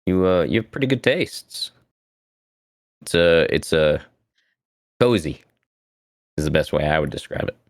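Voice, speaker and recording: A man's voice: very deep voice, expressive, measured pace, pauses often, no room sound, studio quality. A man playing a tabletop role-playing game, talking in character in a laid-back, hesitant way with lots of fillers. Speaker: player. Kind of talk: casual in-character role-play.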